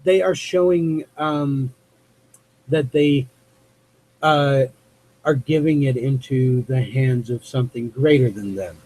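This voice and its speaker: West coast guy hosting a live chat show, slow and mellow, keeps restarting his sentences. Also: medium pitch, rough recording. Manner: rambling, halting, searches for words with many restarts. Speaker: host of a live call-in show. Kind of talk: unscripted monologue to chat viewers.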